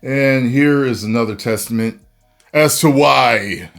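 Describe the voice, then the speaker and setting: A man reviewing a movie in a casual video rant, animated and breaking into loud exasperated outbursts. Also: medium pitch, measured pace, vocal fry, faint music behind.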